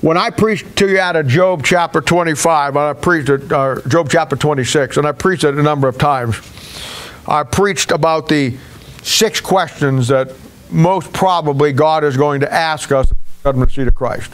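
A man's voice: on the high side, normal speed. A man pastor preaching a sermon in a folksy, conversational way, with hesitations.

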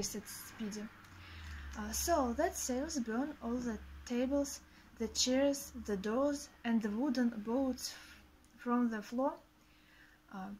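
A woman's voice: a little high, darkish tone, slight background noise, rough recording. A woman reading a story aloud hesitantly, with fillers and restarts. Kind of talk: reading a graded reader aloud.

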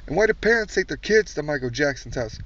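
A man's voice: a little high, lively intonation, fast talker, a bit bright. A man doing a profane comedic rant, blunt, crude and mocking. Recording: distant dull recording.

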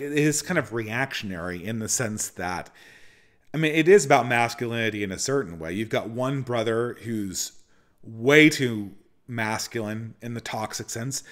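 A man's voice: medium pitch, fairly bright tone. Opinionated man rambling through viewer questions. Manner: opinionated, rambling, restarts often. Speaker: channel host answering viewer questions. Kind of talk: casual Q&A monologue.

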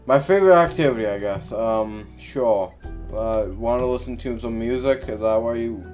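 A man's voice: lowish voice, level tone, measured pace, mellow, soft background music. A man giving casual gameplay commentary, tired and grumbling, swearing often as he talks to himself. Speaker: gaming YouTuber.

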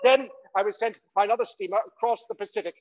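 A man performing as a middle-aged novelist and wartime spy, who tells his perilous journey gravely and with rising worry. The voice sits a little high for a man. The live theatre recording sounds somewhat muffled. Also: fast talker, close to an everyday voice. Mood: recounting. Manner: first-person recollection, grave and anxious. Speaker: solo stage performer. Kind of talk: one-man stage monologue.

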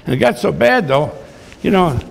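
Gravelly older man telling stories in a hall. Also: high voice, very animated, moderate pace. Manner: folksy, blunt, salty anecdotes. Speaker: retired baseball manager giving a talk. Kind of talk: storytelling speech to an audience. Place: large hall with audience. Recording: echoey hall recording.

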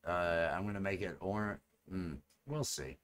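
A man's voice: deep voice, unhurried, a little hiss or hum. A man chatting casually with viewers during a live stream. He rambles and repeats his phrases as he works, and he.

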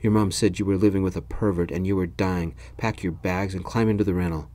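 A man's voice: deep voice, fairly even intonation, a little fast, dark tone, lightly acted. A man voicing a grumpy, stern middle-aged father with an English accent, grumbling and commanding, in a whispered role-play.

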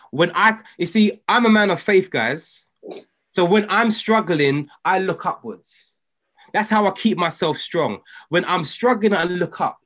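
Leading a motivational group call, a trading coach with a fairly high voice preaches emphatically. He swings between loud exhortation and an almost hushed intensity.

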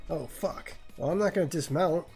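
A man's voice: on the high side, normal speed, vocal fry, a little mellow, soft background music. A man streaming a game live, joking crudely and swearing as he plays. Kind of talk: live gameplay commentary.

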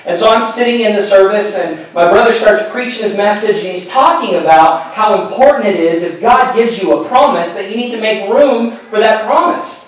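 A middle-aged pastor telling a personal story in a sermon, earnest and storytelling, often falling to a hushed voice. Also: male voice, sits high, moderate pace, few pauses. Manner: earnest storytelling, drops to a hushed voice at tender moments. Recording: echoey hall, mic at a distance.

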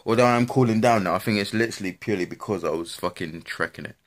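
A man's voice: fairly low pitch, quick pace. A young man chatting casually to camera in a laid-back, slangy way, swearing a lot. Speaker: vlogger. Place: at home and outdoors.

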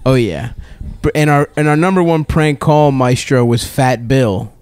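A man's voice: mid-range voice, measured pace, a little mellow, clear, resonant tone. Laughing, rambling man on a podcast. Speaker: podcast co-host. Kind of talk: casual comedy chat.

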